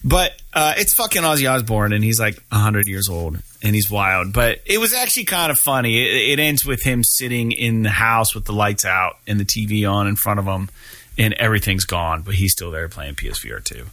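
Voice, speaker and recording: A man's voice: on the low side, lively intonation, brisk, sharp tone, no echo. A man hosting a casual gaming news podcast, talking loosely with lots of swearing and filler words. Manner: profane, rambling, lots of fillers. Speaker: podcast host.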